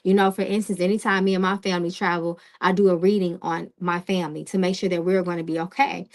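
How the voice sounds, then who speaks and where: A woman's voice: fairly low pitch, flat delivery, quick pace. A woman hosting a live-stream tarot reading who talks in a direct, casual way. She often checks in with "okay?" and greets viewers in the chat.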